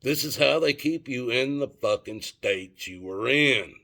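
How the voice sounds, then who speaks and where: A man's voice: medium pitch, expressive, a little slow, creaky, pushed and bright. A middle-aged man telling a story and ranting to his viewers in a rambling, profane, casual way. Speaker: vlogger.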